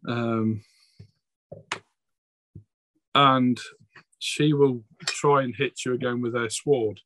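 A man's voice: mid-range voice, fairly even intonation, takes it slowly, fairly bright tone, a little hiss or hum. A man acting as game master for a tabletop game over a voice call, talking casually with plenty of hesitations. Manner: casual, hesitant, full of ums. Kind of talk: running a tabletop game online. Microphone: home mic on a voice call.

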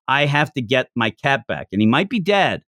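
A man's voice: mid-range voice, very animated, normal speed, pushed and bright, no room sound, studio quality. A man doing a coaxing fiend girl.

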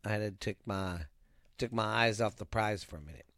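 A lowish, slightly bright male voice moves fairly quickly through a casual podcast monologue on sports picks. The host rambles, curses liberally and reads scores aloud, recorded clean in a studio with no room sound.

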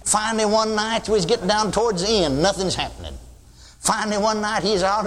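A man's voice: high-pitched, a little fast, a bit bright. An older man preaching a sermon in a folksy storytelling way, mimicking another pastor's sing-song praying. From Texas. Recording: long reverb of a church hall.

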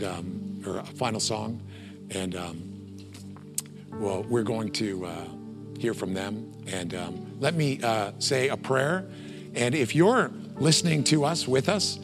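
A middle-aged man preaching a sermon as pastor, telling a story with lots of ums and uhs and acting out quotes. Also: medium pitch. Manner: storytelling with acted quotes and many fillers.

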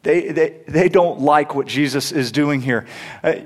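A young adult man, a pastor, preaches a sermon in a conversational style, stumbling over restarts and building to emphatic peaks. His voice is on the high side, and he speaks at a measured pace.

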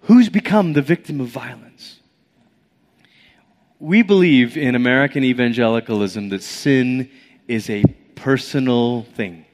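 A man preaching a sermon as pastor, telling stories and acting out voices, a little out of breath. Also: mid-range voice. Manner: animated storytelling with acted-out inner voices. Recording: long reverb of a hall.

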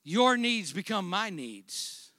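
A man preaching a sermon, swinging between loud, drawn-out emphatic declarations and quiet, conversational storytelling. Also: high voice, big pitch swings, dry recording, clean studio sound. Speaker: pastor.

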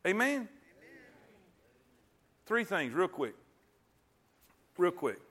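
A middle-aged man preaching a sermon in a folksy call-and-response way, with loud bursts when he quotes God. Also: sits high, very animated, very slow. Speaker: pastor. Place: church sanctuary.

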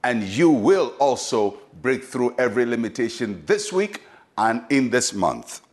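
A man's voice: mid-range voice, big pitch swings, a little slow. A male pastor giving a short devotional sermon, emphatic and repetitive, urging listeners on. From Ghana. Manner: emphatic, repetitive exhortation with acted quotes.

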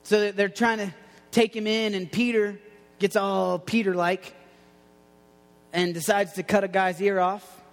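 A man preaching a casual sermon in a loose, slangy way, going soft and low on quoted lines. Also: level tone, unhurried, pauses often, big-room sound. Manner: conversational, slangy, drops quiet for quoted lines.

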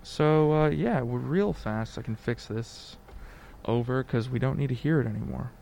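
A man's voice: mid-range voice, moderate pace, gravelly, warm tone, slight background noise. A man hosting a podcast in casual chat, joking and rambling loosely. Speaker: podcast host.

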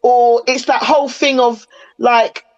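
A woman's voice: a little high, steady tone, measured pace, lo-fi sound. A woman in casual podcast chat, chatty and opinionated, retelling moments with animation.

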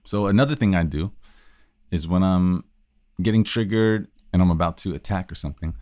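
Guy with a really low voice talking loosely about handling emotions, dry close sound. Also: a little fast, a little mellow, no room sound. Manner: loose and thinking aloud, with restarts. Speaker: podcast host teaching communication. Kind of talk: casual solo talk.

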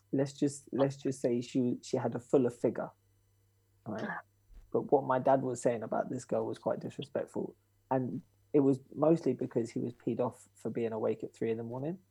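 A man's voice: medium pitch, mellow, breathy edge, no echo. A young man telling a story in casual chat, acting out quoted voices with swearing and laughter.

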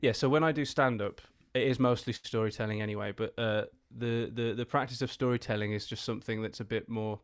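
A man from the Black Country with a Black Country accent, a comedian chatting as a podcast guest, halting with many restarts and easy laughs. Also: medium pitch, fairly even intonation, smooth. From Black Country, England. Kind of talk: casual podcast chat.

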